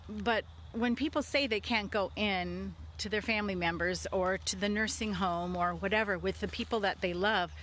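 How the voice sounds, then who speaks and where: A middle-aged woman vlogs about leadership outdoors on her farm, telling a casual spoken story full of fillers and restarts. Her medium-pitched voice is fairly bright, with a little hiss or hum in the recording.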